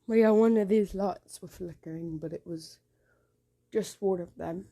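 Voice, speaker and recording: Young woman vlogger, mellow voice, nervous and rambling, hushed and sweary, filmed on a handheld phone indoors. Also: lowish voice, slow pace, breathy edge. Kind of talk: casual handheld vlog. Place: small home indoors at night.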